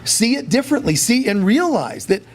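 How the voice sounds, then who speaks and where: A male spiritual teacher speaking in a high, lively voice that swoops up and down. He keeps things casual and conversational, now and then slipping into acted-out prayers as he teaches. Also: normal speed. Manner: animated, acts out quoted prayers.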